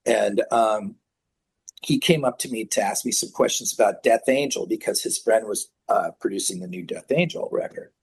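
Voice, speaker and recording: Husky man telling animated band stories. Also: on the low side, moderate pace. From San Francisco Bay Area. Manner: animated anecdotes, acts out quoted voices, laughs often. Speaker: guest musician. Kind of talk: casual storytelling interview.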